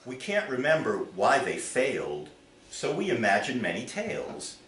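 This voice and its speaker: A man, a poet, giving a live reading of his poems on a theater stage in a measured, expressive way. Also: mid-range voice. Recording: roomy theater, from far off.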